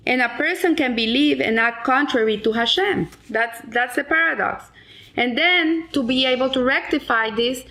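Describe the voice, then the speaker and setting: A woman's voice: a little high, pushed and bright. A middle-aged woman explaining a weekly Torah lesson in an earnest way, with frequent restarts and Hebrew terms. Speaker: Torah teacher.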